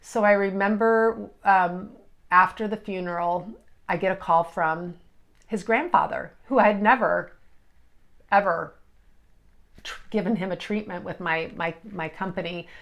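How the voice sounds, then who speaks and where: A middle-aged woman, an energy healer, telling a personal story in an emotional, halting way with many restarts. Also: medium pitch, steady tone.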